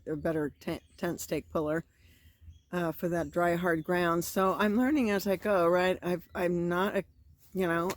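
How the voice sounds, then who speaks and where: A woman's voice: on the low side, a little mellow. Chatty woman vlogging from her tent. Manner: chatty, storytelling, self-encouraging. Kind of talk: casual chat. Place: inside a screen tent at a campground.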